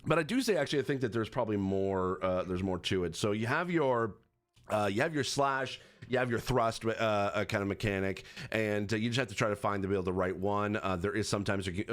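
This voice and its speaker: A man giving casual game commentary as a reviewer, rambling with many fillers, restarts and self-corrections. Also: fairly low pitch. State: has the hiccups. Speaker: gaming accessibility reviewer.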